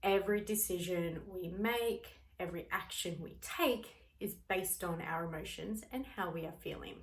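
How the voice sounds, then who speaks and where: A woman with a fairly low voice speaks at normal speed in a motivational teaching talk on personal growth. An adult parent who works with clients, she's expressive and acts out everyday scenes as she explains.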